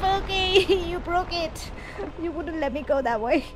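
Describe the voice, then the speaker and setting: A woman's voice: very high-pitched, lively intonation, measured pace. A woman giving casual live commentary on her own gameplay, chatty, laughing often and talking back to the enemy. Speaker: gaming video host.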